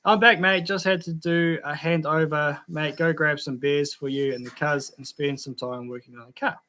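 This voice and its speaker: This Australian livestream host has a slightly high voice that's bright and forceful, with a steady tone and moderate pace. In an easygoing way, he reads chat comments aloud and wanders through long car stories.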